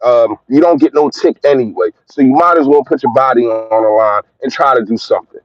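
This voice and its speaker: A man's voice: medium pitch, brisk, no room sound, muffled recording. A man hosting a fan livestream, ranting in a heated, emphatic way and repeating his points. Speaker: fan channel host.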